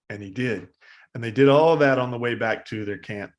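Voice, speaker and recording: Casual male dharma teacher telling a story. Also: medium pitch. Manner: casual and halting, with many fillers. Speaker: meditation teacher. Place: live meditation service.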